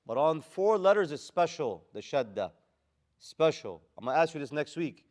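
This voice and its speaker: A man's voice: a little high, sing-song, moderate pace, a little mellow. A man teaching a class how to recite the Quran, moving between chanted Arabic verses and casual, slangy English explanations. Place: classroom with students present.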